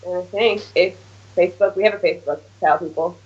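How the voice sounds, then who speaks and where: A woman's voice: on the low side, steady tone, fast talker, darkish tone. A woman guesting on a podcast, talking candidly and chattily with little laughs. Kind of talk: casual podcast chat. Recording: dull lo-fi podcast audio.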